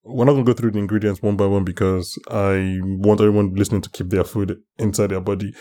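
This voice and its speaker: A man's voice: lowish voice, flat delivery, fast, warm tone. A man co-hosting a casual podcast chat, talking animatedly and acting out his own reactions. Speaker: podcast co-host.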